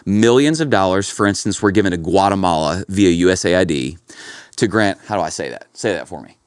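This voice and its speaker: A man talks through a story on a podcast, his low voice swinging up and down with energy. He keeps it loose and chatty and tosses "bro" and "dude" at his co-host. The sound is close and dry, with no room at all. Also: lively intonation, a little fast, smooth, dry recording. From Kentucky. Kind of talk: casual podcast chat.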